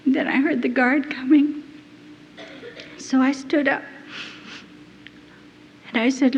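A woman's voice: high-pitched, steady tone, slow, long pauses. Woman giving a testimony in a hall. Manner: earnest, emotional storytelling. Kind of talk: first-person testimony to an audience. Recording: dull lo-fi hall recording with faint noise.

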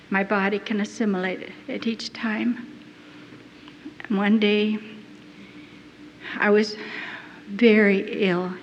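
A woman telling her own story to an audience as an earnest, emotional testimony. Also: mid-range voice. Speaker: speaker giving a testimony. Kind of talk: first-person testimony to an audience. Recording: dull lo-fi hall recording with faint noise.

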